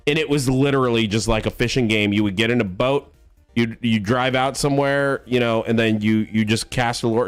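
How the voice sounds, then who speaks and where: A man in his thirties, a streamer, casually telling a long story in a rambling, profane way full of fillers. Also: medium pitch. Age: 30s.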